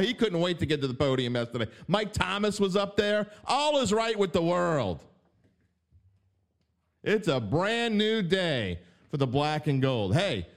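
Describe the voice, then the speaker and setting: A man's voice: a little high, clean tone. A man from Southeast Louisiana with a New Orleans accent, hosting a sports podcast in a wry, joking way that often corrects itself. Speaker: podcast host, sports betting writer.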